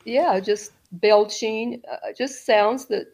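A middle-aged woman telling a story as an interview guest, rambling, with restarts and soft laughs. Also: a little high, takes it slowly.

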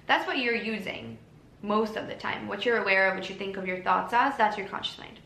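A woman speaking as a self-help podcaster in a gentle, encouraging monologue, slowing down to stretch key words. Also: mid-range voice, gravelly. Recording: roomy with faint background noise.

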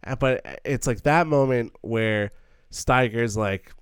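A man's voice: mid-range voice, takes it slowly, smooth, dry recording, clean studio sound. A man co-hosting a casual film discussion, earnest and thinking aloud with many stumbling restarts. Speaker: podcast co-host.

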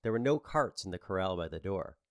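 Man reading a novel aloud, lowish voice, lively and wry, dry close mic. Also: brisk, no room sound. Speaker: narrator. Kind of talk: audiobook narration.

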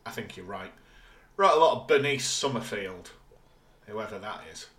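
A man with a bright, forceful voice co-hosts a casual podcast. He talks through an episode's plot in an easy, conversational way and drops wry, deadpan remarks along the way. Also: fairly low pitch, normal speed. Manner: dry, wry asides while summarising. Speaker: podcast co-host. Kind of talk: casual chat recapping an episode.

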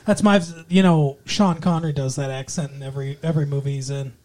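A man's voice: on the high side, fairly even intonation, fast talker, a little mellow, slight background noise. A man co-hosting a podcast in casual banter, joking and teasing his co-host. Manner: joking, teasing, drops into silly impressions.

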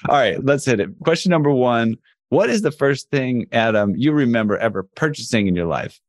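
A male podcast co-host asking quick questions and joking with the guest. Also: medium pitch, expressive, no echo, clean studio sound. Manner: joking, laughs often. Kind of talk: casual interview.

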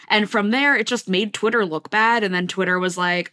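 A woman reporter on a podcast, chatting casually in a quick, sarcastic way with lots of "like". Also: mid-range voice, fairly bright tone. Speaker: reporter guest. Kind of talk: casual chat.

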